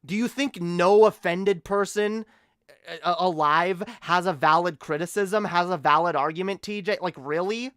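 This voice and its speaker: Male streamer, high clear voice, profane stammering rants, dry close sound. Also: moderate pace, fairly bright tone, no echo. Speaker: streamer reacting to videos. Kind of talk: casual reaction commentary.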